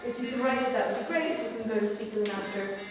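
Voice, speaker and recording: A woman's voice: a little high, racing. Woman hosting with many ums. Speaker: event host. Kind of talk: informal welcome announcement. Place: dance studio. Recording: echoey hall, mic far off.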